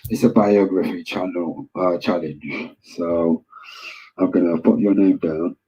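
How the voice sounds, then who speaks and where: A man hosting a casual livestream, greeting viewers in loud, upbeat bursts and rambling hesitantly with lots of filler words. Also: low voice, fairly even intonation, a little slow, dull audio.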